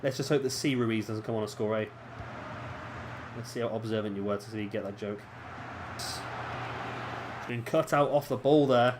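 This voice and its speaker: A man's voice: lowish voice, moderate pace, pauses often, background noise. Chatty man commentating his game. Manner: chatty, self-deprecating, reacting aloud to play. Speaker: gaming commentator. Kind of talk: casual let's-play commentary.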